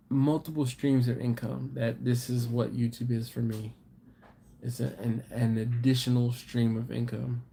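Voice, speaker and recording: A man's voice: mid-range voice, creaky, darkish tone, a little hiss or hum. A man hosting a live stream, casually chatting and reading viewer comments with easygoing chuckles. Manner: laid-back, chuckling, chatty asides to viewers.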